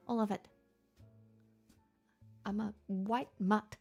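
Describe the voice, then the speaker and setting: A woman's voice: on the high side, unhurried, long pauses, soft background music. A tired Australian woman livestreaming, chatting with viewers, laughing often and swearing freely. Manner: giggly, sweary, rambling. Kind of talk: casual chat reading viewer comments.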